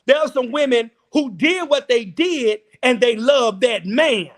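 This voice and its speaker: A man hosting a men's round table, talking in an impassioned, preaching style that repeats phrases and rises to shouts. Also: very high voice, measured pace.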